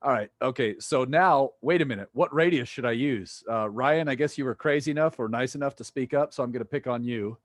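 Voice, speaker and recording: A man's voice: medium pitch, fairly quick, few pauses, no room sound. A playful man lecturing on physics over a video call, joking with students as he goes. His voice sits in a middle register. The sound is dry and close, with little room around it. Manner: playful, jokey, quizzes students. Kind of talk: online lecture.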